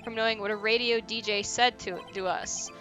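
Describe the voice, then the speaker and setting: A woman's voice: fairly high pitch, fairly even intonation, moderate pace, over music, lightly acted. A woman voicing a cold, arrogant older male prosecutor, speaking curtly and dismissively. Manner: dismissive, curt.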